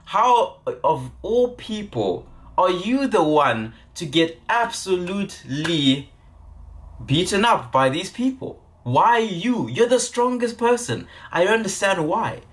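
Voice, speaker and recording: A man's voice: high-pitched, sing-song, slow pace, pitched above the performer's own voice, exaggerated voice. A man voicing a mocking male warlord who scoffs in disbelief at a beaten soldier. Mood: scornful.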